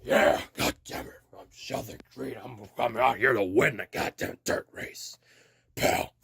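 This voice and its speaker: A brash, cocky racer snarls his boasts in a low, growling register, as a man puts him on. The voice sits noticeably deeper than the speaker's own, and the recording is dry and close. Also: a little slow, creaky, a bit bright, breathy edge, dry recording, exaggerated voice. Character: gruff cocky male racer trash-talking.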